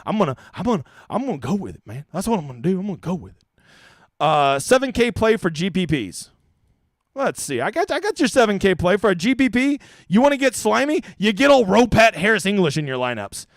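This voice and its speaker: Man, high voice, animated pitch, casual live-stream Q&A, blunt and profane, dry close mic. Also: a little fast, no room sound. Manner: reads chat questions and answers bluntly, with swearing. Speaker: fantasy golf streamer.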